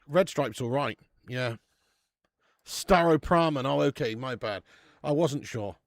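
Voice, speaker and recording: A man's voice: mid-range voice, measured pace, dry recording, studio quality. A young British man hosting a live football watch-along, chatting casually, swearing and reading out viewer comments. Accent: British English. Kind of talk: casual live-stream chat.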